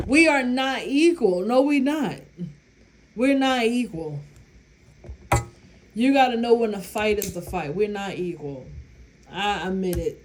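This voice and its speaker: A woman's voice: mid-range voice, lively intonation, normal speed, a little mellow, slight background noise. A woman, talking casually and bluntly to her viewers with lots of profanity, giving relationship advice. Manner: blunt, profane, emphatic, laughs at her own story.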